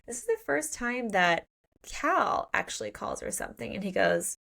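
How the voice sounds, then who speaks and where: A woman co-hosting a book podcast in casual chat, gushing and excitable and swearing freely as she retells scenes. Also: mid-range voice, normal speed, gravelly. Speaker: podcast co-host.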